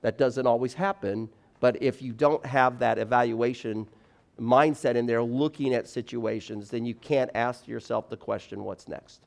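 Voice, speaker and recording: A man in his forties speaks to a room of college students at chapel. His voice sits at an ordinary middle pitch. He keeps things animated and conversational, often acting out little scenes. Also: moderate pace, vocal fry. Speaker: campus speaker.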